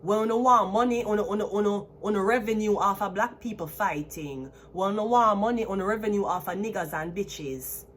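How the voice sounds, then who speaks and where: A woman's voice: medium pitch, normal speed, few pauses, a little hiss or hum. A Jamaican woman in her thirties, a tarot reader talking to camera in a defiant, profanity-heavy style that slips between patois and English. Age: 30s. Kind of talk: ranting to camera.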